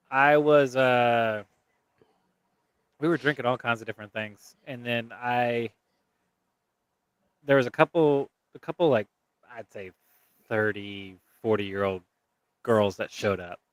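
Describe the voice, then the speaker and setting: A man's voice: mid-range voice, steady tone, slow, pauses often, clear, resonant tone, dry recording. A man hosting a podcast, telling a rambling, profane story in casual chat and laughing as he goes.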